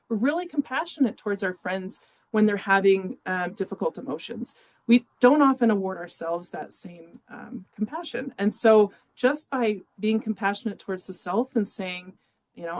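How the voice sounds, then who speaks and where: A woman leads a teaching webinar in a relaxed, conversational way. She talks at a middling pitch, often pausing on small fillers as she works through examples. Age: adult with children in youth sports. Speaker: webinar presenter. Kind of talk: educational webinar talk.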